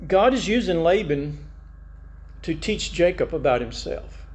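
A man's voice: fairly high pitch, animated, unhurried, darkish tone. A male pastor preaching a conversational sermon, reading scripture aloud and musing over it.

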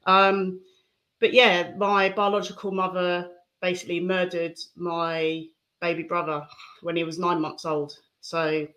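A woman speaking candidly and reflectively as an interview guest, giving a personal testimony with soft laughs. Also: on the low side, level tone, unhurried.

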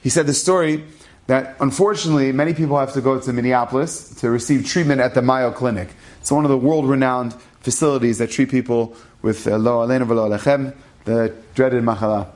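A man telling a true-life story aloud in a lively storyteller's manner, acting out the characters. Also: medium pitch, fairly quick. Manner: animated, acts out the characters' lines. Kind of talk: spoken storytelling.

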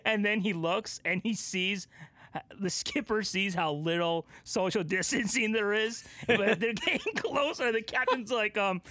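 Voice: mid-range voice, moderate pace, fairly bright tone, dry recording. A comedy podcast co-host riffing through an improvised bit, rambling and giggling as the story builds.

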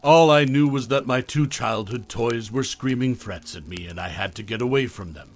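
A man reading a first-person horror story aloud in a measured, low-key way.

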